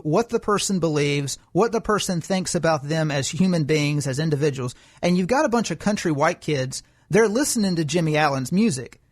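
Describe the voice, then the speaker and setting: Emphatic man lecturing on a podcast. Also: a little high. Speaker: podcast co-host. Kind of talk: political commentary chat.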